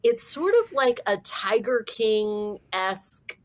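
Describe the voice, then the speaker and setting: A woman's voice: medium pitch, takes it slowly. A woman from St. Louis, a comedian guest, chatting casually and telling stories with lots of animation, acting out the voices of people she quotes. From St. Louis, USA. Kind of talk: casual chat.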